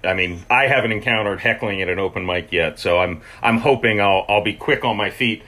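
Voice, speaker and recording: Male podcast host, bright voice, halting, casual. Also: lowish voice. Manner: hesitant, many restarts, laughs easily. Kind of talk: casual chat.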